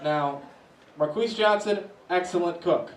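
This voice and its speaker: A man doing stand-up comedy, telling a story in an animated way and often laughing as he talks. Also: sits high, a little slow, a faint crowd. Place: comedy club stage. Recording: echoey room, mic heard from a distance, faint noise.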